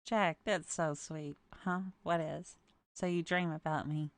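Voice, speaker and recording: A woman's voice: low-pitched, steady tone, unhurried, no room sound. A woman reading a teasing young nurse.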